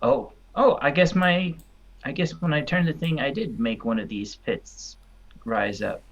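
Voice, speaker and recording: A man's voice: medium pitch, measured pace, dull audio. A man playing a tabletop game, chatty and thinking aloud as he moves. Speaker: player.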